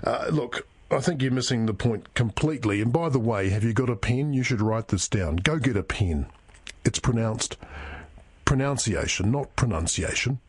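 A man's voice: medium pitch, expressive, normal speed, a little mellow, slightly rough, dry recording. A man playing a pompous, condescending talkback radio host in a comedy sketch.

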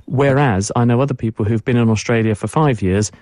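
A man's voice: medium pitch, fairly quick, darkish tone, dry recording, studio quality. A man, a science expert guest on a radio show, explaining fluently and repeating words for emphasis.

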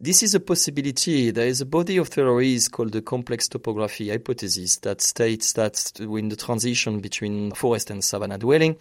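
A man's voice: medium pitch, brisk, hardly any pauses, no echo, studio quality. A male researcher giving explanatory interview answers in an earnest way, often restarting and searching for phrasing. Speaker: researcher guest.

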